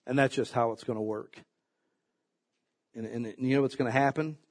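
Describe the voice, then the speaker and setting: A man preaching a sermon in an animated, emphatic way, swinging from loud high peaks to low asides. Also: normal speed.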